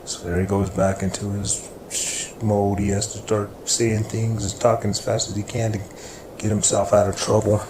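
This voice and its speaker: A man's voice: fairly low pitch, little pitch movement, moderate pace. A man narrating a crime story in a loose, rambling way with fillers. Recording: echoey room with background noise.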